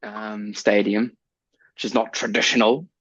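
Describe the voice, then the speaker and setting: A man's voice: lowish voice, level tone, a little slow, a bit bright, husky, dry recording, highs cut off. Chatty laughing man on a podcast. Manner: chatty, laughs often, trails off with "I don't know". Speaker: podcast co-host. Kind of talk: casual chat.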